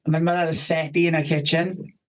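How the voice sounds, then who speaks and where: A man's voice: fairly high pitch, flat delivery, quick pace, crowd noise, poor audio. Man, casual podcast storytelling, rambling, constant swearing, acts out the people he quotes.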